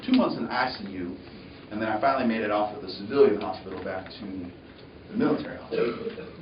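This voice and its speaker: A man's voice: medium pitch, a little hiss or hum. Man telling a story in an echoey hall. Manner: animated, acts out voices. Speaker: motivational speaker. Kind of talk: motivational storytelling speech. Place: university lecture hall. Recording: echoey, distant, dull hall recording.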